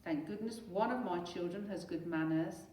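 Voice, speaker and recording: A woman voicing a strict, exasperated mother who shouts and nags. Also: fairly low pitch, normal speed, recorded from a distance, natural voice. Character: nagging exasperated mum, loud and strict. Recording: echoey room, away from mic.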